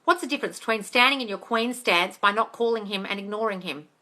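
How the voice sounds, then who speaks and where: A woman hosts a live manifestation Q&A on her phone, reading comments aloud and answering bluntly and playfully, swearing often and calling everyone darling. Her mid-range voice is fast, pushed and bright.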